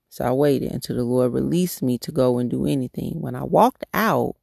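A woman's voice: a bass voice, moderate pace, creaky, dark tone, breathy edge, no echo, studio quality. A woman hosting a devotional podcast, telling a personal faith story in an earnest, candid way, often restarting her sentences. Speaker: podcast host.

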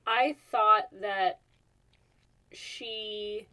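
A woman's voice: medium pitch, steady tone, very slow, sharp tone, low-quality recording. A woman guesting on a casual podcast, easygoing and thinking aloud. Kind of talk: casual movie recap chat.

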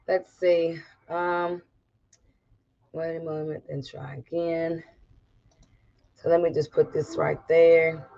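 A man with a Southern US country accent, hosting a livestream in casual chat and welcoming viewers with drawn-out, folksy greetings. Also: a little high, darkish tone, muffled recording. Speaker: livestream host.

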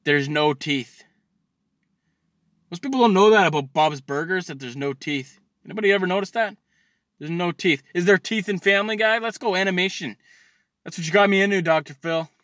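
A man ranting comedically, swearing constantly and stammering through restarts, swinging between loud outbursts and low mutters. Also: normal speed, no echo, clean studio sound. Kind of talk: profane comedic rant.

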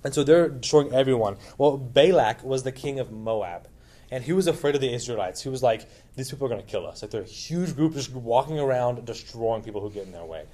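A man's voice: medium pitch, expressive, a little fast, warm tone. A man teaching a Bible lesson in a casual, informal way, retelling a story with lots of asides and questions to his listeners.

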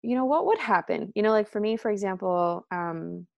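A woman talking casually as a podcast guest, animated and full of "like" and "um", acting out what her friends said. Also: normal speed, gravelly, no room sound, dull audio. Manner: animated, acts out quoted friends with pitch jumps; filler-heavy, frequent "like" and "um". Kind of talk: casual conversation.

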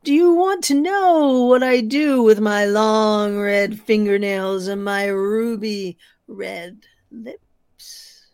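A woman voicing a slow, menacing creature. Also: medium pitch, fairly even intonation, darkish tone, clear, resonant tone, no echo, studio quality. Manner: slow, drawn-out menacing questions. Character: hideous creature with long red fingernails. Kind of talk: spooky storytelling.

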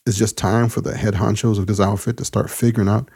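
A man voicing a calm, wounded male soldier who talks softly and reassuringly. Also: on the low side, quick pace, slightly rough.

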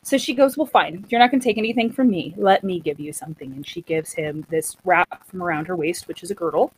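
A woman casually retelling a story in a chatty, animated way, acting out what the characters say. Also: on the low side, fast talker, a little hiss or hum, low-quality recording. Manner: chatty, animated, acts out quotes.

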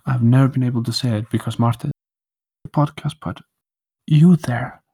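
A man's voice: medium pitch, fairly even intonation, fairly quick, a little mellow, slightly rough. A man hosting a podcast, talking in a playful, mock-romantic and theatrical way. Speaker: podcast co-host. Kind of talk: joking podcast monologue. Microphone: studio microphone.

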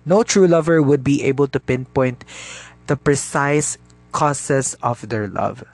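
A man's voice: mid-range voice, a little slow. A man with a Cebuano accent hosting a podcast, talking to listeners in a chatty, casual way and mixing Cebuano into his English. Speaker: podcast host.

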